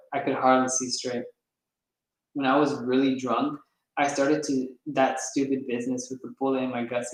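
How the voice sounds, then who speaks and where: A man reads a novel aloud in an easygoing first-person voice, stumbling over a word now and then. His voice sits in the middle range, and the room echoes heavily around him. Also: mid-range voice. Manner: casual first-person storytelling with some stumbles. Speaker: reader. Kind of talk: audiobook reading of a novel.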